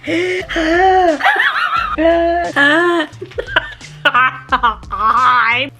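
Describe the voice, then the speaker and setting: A young woman chatting casually as she unboxes and taste-tests snacks, giggling often and gushing with excitement. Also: very high voice, drawn-out words, over music. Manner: giggly, gushing, lots of exclamations. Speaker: YouTuber taste-testing snacks.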